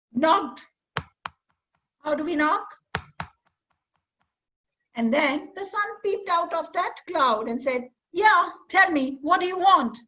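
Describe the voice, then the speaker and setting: A woman storyteller from India tells a children's story in a virtual session. She speaks slowly and expressively and often stops to quiz the kids. Her voice is high and comes through a video call mic. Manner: animated, asks the children questions.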